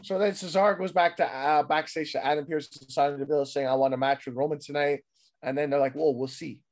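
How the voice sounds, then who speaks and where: Man, slightly high voice, hoarse from overuse, loose profane chat, quick mimicry. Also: steady tone. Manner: loose, profane, mimics people in quick bits, trails off mumbling. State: losing his voice. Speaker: podcast host recapping wrestling. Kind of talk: casual chat.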